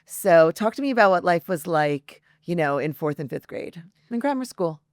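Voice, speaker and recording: A woman's voice: lowish voice, animated, normal speed, no room sound, studio quality. A woman hosting an interview show, earnest and personal in how she asks her questions. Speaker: host. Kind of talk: interview hosting with scripted intro.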